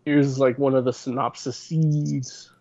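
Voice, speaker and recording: A man's voice: medium pitch, level tone, measured pace, a little mellow. A man hosting a podcast in casual chat, rambling and hesitant with lots of restarts. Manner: rambling, full of fillers and restarts. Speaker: podcast host. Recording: slightly dull lo-fi sound.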